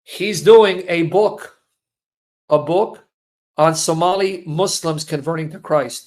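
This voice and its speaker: A man in his fifties with a fairly high voice shares an emotional personal testimony. He talks slowly and emphatically, circling back to repeat key phrases for weight. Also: a little mellow. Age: 50s. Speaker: Christian apologist giving a testimony.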